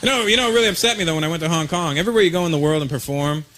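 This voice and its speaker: A male stand-up comedian performing a routine on stage, talking in an animated, conversational way and slipping into mock voices. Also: on the high side, rapid-fire. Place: comedy stage before a live audience. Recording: noisy live stage recording.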